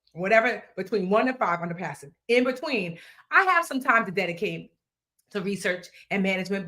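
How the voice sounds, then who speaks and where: Lively playful woman teaching a live class. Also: a little high. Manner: lively, playful, talks straight to viewers, drops into slang and snatches of song. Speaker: financial educator hosting a live workshop.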